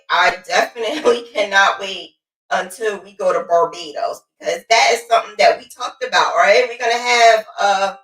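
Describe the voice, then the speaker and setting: A woman hosting a casual crochet livestream, lively and playful, chatting to viewers and greeting them by name. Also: mid-range voice. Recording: roomy sound, mic at a distance.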